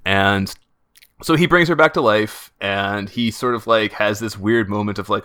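Young man, podcast co-host, low-ish and bright voice, rambling, lots of fillers, dry close sound. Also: unhurried, no echo. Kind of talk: casual chat about an anime.

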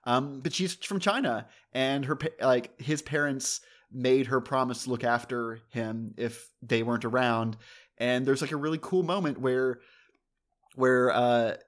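A man's voice: mid-range voice, measured pace. A man co-hosting a casual chat, rambling through a review with lots of fillers and self-mocking asides. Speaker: podcast co-host reviewing anime.

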